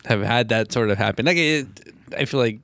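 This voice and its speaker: A young man on a podcast who drops in wry jokes between the others' stories. His voice is plain and mid-pitched. The sound is dry and close. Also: a little fast, fairly bright tone, dry recording. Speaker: podcast co-host. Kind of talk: casual chat.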